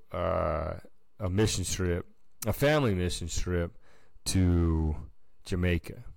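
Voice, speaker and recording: A man's voice: deep voice, gravelly, a little mellow, no echo. A man co-hosting a casual podcast, telling a long story in a laid-back, slangy way. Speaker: podcast co-host. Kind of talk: casual chat.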